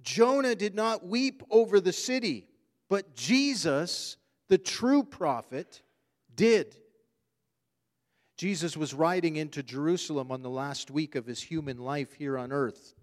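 A man's voice: on the high side, measured pace. A man preaching a sermon, earnest and emphatic, repeating his key phrases for weight. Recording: long hall reverb.

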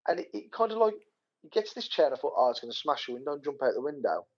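A man chats casually on a podcast, rambling through stories with plenty of fillers and restarts. His voice has a gravelly edge. The recording sounds a little muffled. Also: fairly high pitch, very fast. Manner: rambling, animated retelling with many fillers and restarts. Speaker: podcast co-host. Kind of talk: casual chat.

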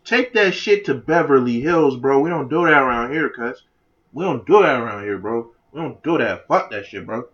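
A man's voice: medium pitch, lively intonation, moderate pace, a bit bright, lightly acted. A man putting on a laid-back street-gangster voice, full of slang and swearing. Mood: dismissive. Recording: lo-fi, dull sound.

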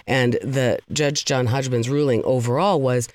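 Lively woman telling stories, dry sound. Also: very deep voice, fast, hardly any pauses, no room sound. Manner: animated storyteller, laughs often, swears casually. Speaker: podcast co-host. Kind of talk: casual chat.

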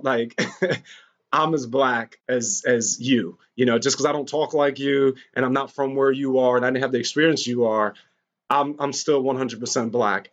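A man speaking candidly in an interview, telling personal stories in a rambling way with frequent fillers and restarts. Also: mid-range voice. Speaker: guest recounting personal experiences. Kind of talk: candid conversational storytelling. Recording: dull lo-fi recording.

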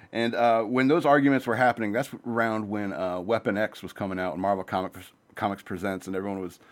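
A man hosting his own show, talking in a loose, rambling, profane monologue that jumps between topics. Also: on the low side. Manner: says he talks fast. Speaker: podcast host.

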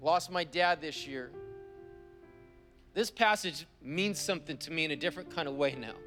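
A man preaching a sermon as pastor, driving points home with repeated phrases and slowing down to read scripture. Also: on the high side, fairly bright tone, faint music behind. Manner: slows down when reading scripture aloud. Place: church service.

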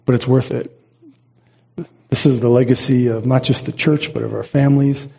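Preaching at a normal speed, this middle-aged man has a steady, medium-pitched voice that is mellow and dark with a touch of huskiness. As a pastor giving a sermon, he speaks earnestly, restarts thoughts midway, and repeats phrases to give them weight.

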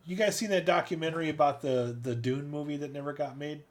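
A man's voice: on the high side, quick pace. A man in casual podcast chat, rambling and profane about movies. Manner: rambling, self-aware, profane.

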